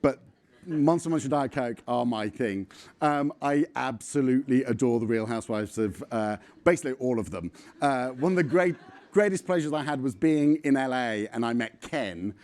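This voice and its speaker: A man's voice: medium pitch, lively intonation, normal speed, darkish tone. Blunt, swearing man in his forties. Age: 40s. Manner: blunt, swearing, rambling with frequent ums. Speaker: conference speaker. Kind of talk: casual, self-deprecating talk.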